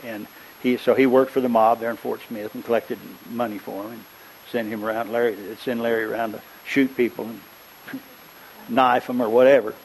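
An older man preaching a sermon in a rambling, conversational way. He tells folksy stories and often stops to clear his throat. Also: medium pitch, flat delivery, moderate pace, a little hiss or hum, low-quality recording.

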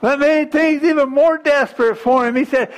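A man preacher delivering a sermon, retelling a scripture story with animated, drawn-out emphasis. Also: very high-pitched, rough recording.

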